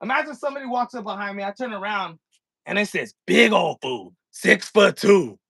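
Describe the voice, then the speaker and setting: A man with a high, bright, edgy voice rants to his viewers in loose street slang, cursing freely. The sound is close and dry, with no room around him. He acts out the scene as he talks. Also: moderate pace, creaky, breathy edge, dry recording. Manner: acts out scenes with props while talking. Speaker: vlogger. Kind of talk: casual commentary rant.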